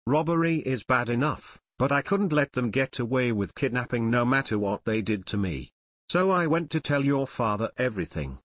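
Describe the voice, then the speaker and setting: A man's voice: mid-range voice, animated, normal speed, fairly bright tone, no echo. A man reading a frightened male costume dealer who speaks shakily and brokenly, in an audiobook. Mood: confessing. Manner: shaky, broken, pleading.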